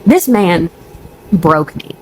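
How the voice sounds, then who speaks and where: A woman's voice: on the low side, lively intonation, drawn-out words, a little hiss or hum, low-quality recording. A young woman telling a storytime vlog, ranting and upset, blunt and profane, on the verge of tears. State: near tears.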